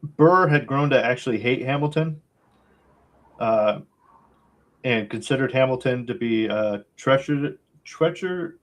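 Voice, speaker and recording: A man co-hosting a relaxed podcast, drifting from plugs to history tidbits in an easygoing, meandering way. He fills his sentences with pauses and filler sounds and slips in dry sarcasm. His voice sits at an ordinary middle pitch. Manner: laid-back, rambling, many uh fillers, wry sarcasm. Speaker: podcast co-host. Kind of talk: casual podcast chat.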